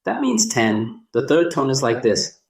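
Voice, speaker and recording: A man narrating a scripted language lesson, speaking deliberately and drawing out sounds to demonstrate them. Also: medium pitch, big pitch swings. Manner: slow, deliberate delivery demonstrating tones with drawn-out sounds. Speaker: language teacher.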